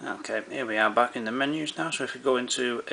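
Speaking fast in a medium-pitched, sharp voice with vocal fry, a man explains camera menu settings step by step. His tutorial is easygoing and full of fillers and restarts.

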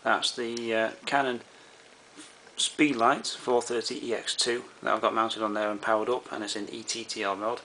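A man's voice: on the low side, flat delivery, normal speed, bright, forceful tone, slight background noise. A man walking through camera menu settings in an easygoing way, with many fillers and restarts. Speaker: camera tutorial presenter. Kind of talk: explaining camera settings step by step.

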